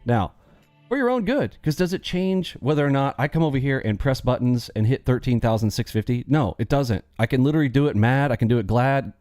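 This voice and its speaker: A man's voice: mid-range voice, fairly quick, darkish tone, no room sound, studio quality, soft background music. A man hosting a live trading stream, talking bluntly in a casual, preachy rant and laughing often.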